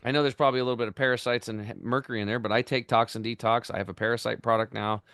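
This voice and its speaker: A man in his fifties, a podcast guest, telling his story in an energetic, animated way. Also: medium pitch, rapid-fire, smooth, dry recording, clean studio sound. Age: 50s. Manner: energetic, animated, acts out quoted voices. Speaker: podcast guest, health entrepreneur. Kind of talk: casual storytelling interview.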